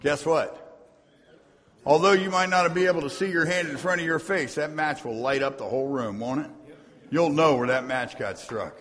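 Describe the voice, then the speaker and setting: Speaking at normal speed, a man with a slightly high, fairly bright voice preaches as pastor. He reads scripture aloud in the church sanctuary and throws in asides to the congregation, all with long hall reverb.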